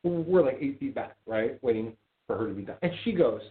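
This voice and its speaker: A man hosting a casual call-in show, telling stories in an animated, indignant rant. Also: medium pitch, brisk. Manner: animated ranting storyteller, gets loud and indignant. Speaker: podcast host. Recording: tinny phone-like audio.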